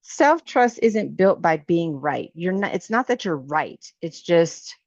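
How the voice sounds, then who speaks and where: A woman's voice: on the low side, lively intonation, slow, no echo. A woman life coach giving a motivational teaching talk, emphatic and repetitive in a sermon-like way, casual with her listeners. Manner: casual, addresses listeners as sis. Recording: slightly dull, lo-fi recording.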